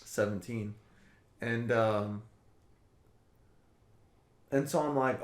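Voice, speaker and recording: A man's voice: fairly low pitch, takes it slowly, pauses often. A man co-hosting a podcast, telling a long story in casual, profane chat. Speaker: podcast co-host. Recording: roomy echo.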